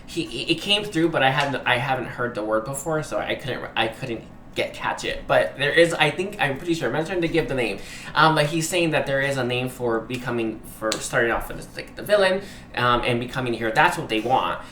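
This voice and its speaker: A man giving a tarot reading, hesitant and earnest, often pausing to search for words and apologizing. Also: medium pitch, pushed and bright. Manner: earnest, emotionally moved. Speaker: tarot reader. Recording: roomy echo, faint background noise.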